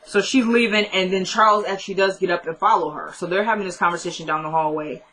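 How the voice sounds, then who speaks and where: A woman's voice: on the low side, fast talker, fairly bright tone, a little hiss or hum. A woman casually retelling a TV episode, chatty and full of fillers like "like" and "she goes". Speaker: TV recap vlogger.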